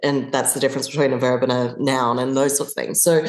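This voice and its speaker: A woman from Australia with a low voice talks as a podcast guest, recorded in a roomy, echoey space. She thinks aloud, restarts her phrases and slips into little acted-out examples. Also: level tone, quick pace, a little mellow. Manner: thoughtful, restarts often, acts out examples. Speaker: guest actor. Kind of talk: conversational podcast interview.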